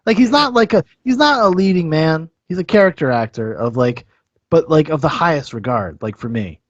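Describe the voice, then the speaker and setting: Man, podcast co-host, animated pitch, rambling and enthusiastic, dull lo-fi sound. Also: normal speed, no echo. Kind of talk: casual film review chat.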